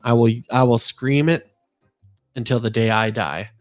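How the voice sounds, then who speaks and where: A man's voice: mid-range voice, unhurried, faint music behind. Earnest rambling man on a podcast. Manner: earnest, rambling, animated storytelling. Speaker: podcast host. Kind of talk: casual podcast chat.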